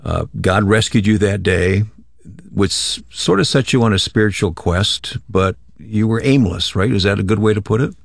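Gravelly low-voiced male interviewer, dry sound. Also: normal speed, dry recording. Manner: guiding, prompting with short questions. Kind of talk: interview questions.

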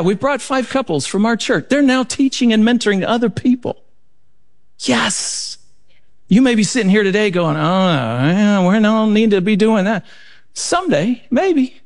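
A man speaking to a live audience, telling a family story and slowing down to make his point. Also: high-pitched. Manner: storytelling, animated, slowing for emphasis. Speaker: speaker at a marriage event. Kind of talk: recorded talk to a live audience.

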